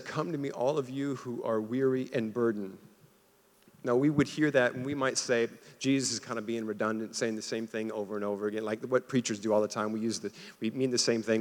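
A young man preaching a sermon, casual and conversational, calling on the congregation to answer back. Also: medium pitch. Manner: casual, conversational preaching with audience call-and-response. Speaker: pastor. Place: church auditorium. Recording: long hall reverb.

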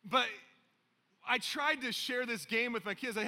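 A man's voice: extremely high pitch, moderate pace, pushed and bright. A middle-aged man preaching a sermon as pastor, telling stories with playful asides to the congregation. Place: large church auditorium. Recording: long hall reverb in a church.

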